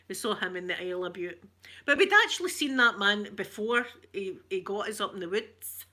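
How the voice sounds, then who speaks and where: A woman with a broad Glaswegian accent hosts a casual chat with her viewers. Her voice is bright and sharp, and she wanders from story to story with easy, self-mocking laughs. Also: mid-range voice, animated, a little fast. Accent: Glaswegian Scottish. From Glasgow, Scotland. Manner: rambling and chatty, laughs often, self-mocking. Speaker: ASMR channel host reading viewer comments.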